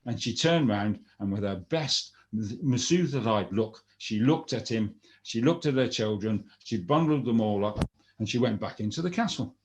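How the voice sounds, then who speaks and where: A man's voice: fairly low pitch, lively intonation, moderate pace, slight background noise. A man telling a folktale aloud in a chatty, rambling way, with asides to his listeners. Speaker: storyteller.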